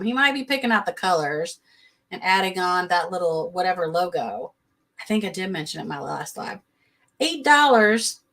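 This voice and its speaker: A woman's voice: medium pitch, fairly bright tone. Woman host, sassy and blunt, casual live-stream commentary. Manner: sassy, blunt, quick to laugh. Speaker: reality TV recap host.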